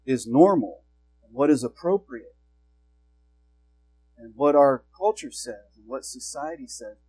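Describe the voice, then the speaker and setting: A man's voice: mid-range voice, lively intonation, unhurried, dark tone, faint music behind, rough recording. A male pastor preaching a sermon in an earnest, exhorting way, asking his congregation questions.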